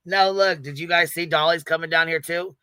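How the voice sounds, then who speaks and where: A man's voice: fairly high pitch, bright, forceful tone, clear, resonant tone, no room sound. A man hosting a livestream panel in casual chat, brash and profane and laughing often.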